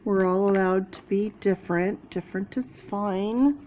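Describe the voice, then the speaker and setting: A woman's voice: medium pitch, darkish tone, slight background noise. A woman giving a chatty, casual tarot reading to her viewers. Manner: slow, chatty, talking to viewers. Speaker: tarot reader.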